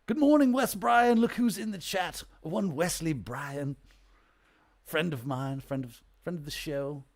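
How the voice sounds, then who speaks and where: A man's voice: a little high, a little slow, voice pushed up. Man putting on a posh, stuffy old professor. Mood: pompous. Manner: pompous, formal greeting.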